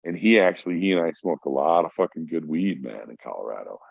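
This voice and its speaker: Middle-aged man, low pitch, casual profane storytelling, dry close sound, dull lo-fi audio. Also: animated, fast talker, vocal fry, slightly rough, no echo. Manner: profane, rambling, acts out voices in his stories. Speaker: podcast guest.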